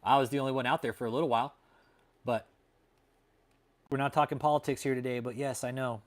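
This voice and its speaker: A man's voice: medium pitch, steady tone, quick pace. Profane, laid-back man on a livestream. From Texas. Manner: laughs often at his own jokes. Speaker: livestream host. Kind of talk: casual livestream chat with viewers.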